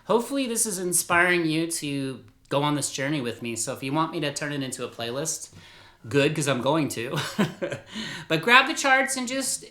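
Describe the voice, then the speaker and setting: A man's voice: a little high, animated, moderate pace, sharp tone. A man teaching guitar in a casual, rambling, upbeat way, laughing at himself as he goes. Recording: roomy echo with guitar playing.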